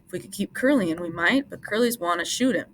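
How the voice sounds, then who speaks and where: A woman voicing a calm, steady ranch leader who speaks quietly and in a measured way. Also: on the low side. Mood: grave.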